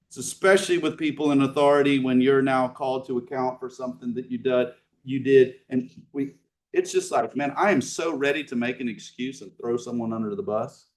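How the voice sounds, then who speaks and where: A man's voice: medium pitch, fairly quick. Man preaching a conversational sermon from a distance. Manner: conversational preaching with rhetorical questions, swinging between emphatic and hushed. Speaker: pastor. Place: church sanctuary.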